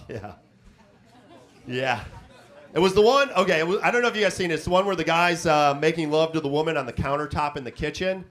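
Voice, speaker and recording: A man's voice: fairly high pitch, a bit bright. A man hosting a stand-up comedy set on a club stage, telling self-mocking stories and chatting with the crowd through a handheld mic.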